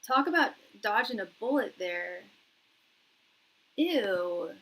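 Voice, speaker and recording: Reading tarot on a live stream, this young psychic talks casually, full of fillers, laughter and repeated words, and reads out messages from her viewers' chat. She speaks slowly and expressively at medium pitch, with a fairly bright tone. The audio is poor.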